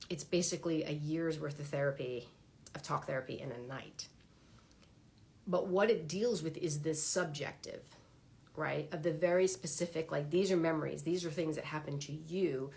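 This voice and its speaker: Low gravelly woman, chatty livestream. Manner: chatty, animated, acts out her own inner dialogue. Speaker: vlogger sharing her therapy experience. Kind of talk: casual livestream monologue. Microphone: phone or webcam on a livestream.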